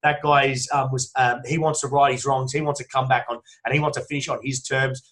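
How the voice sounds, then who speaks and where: A man's voice: medium pitch, level tone, a bit bright. Emphatic Australian man, story-telling coach. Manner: emphatic, swears freely, talks fast in long run-on stories. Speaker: strength and conditioning coach, guest. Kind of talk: casual podcast interview.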